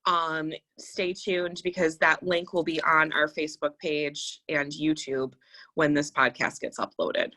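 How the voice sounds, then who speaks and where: Bright-voiced woman chatting on a podcast. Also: low-pitched, flat delivery, measured pace. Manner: rambling, reflective, many fillers. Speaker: podcast co-host. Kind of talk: casual chat.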